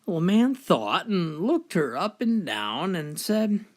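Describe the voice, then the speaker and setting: Animated man telling jokes. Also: high-pitched, slow, hardly any pauses. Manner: animated storytelling. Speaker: joke teller.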